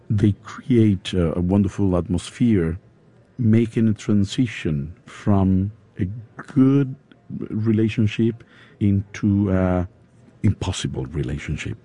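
Spanish guy, english isn't his first language, really dark mellow voice, lots of uhs and pauses. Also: lowish voice, breathy edge. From Spain. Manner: halting, searching for words with fillers. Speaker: opera singer guest. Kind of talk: interview.

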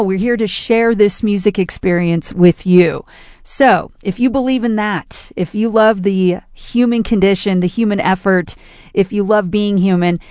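A woman's voice: mid-range voice, darkish tone, no room sound, clean studio sound. A woman radio DJ making an informal, earnest on-air appeal for donations.

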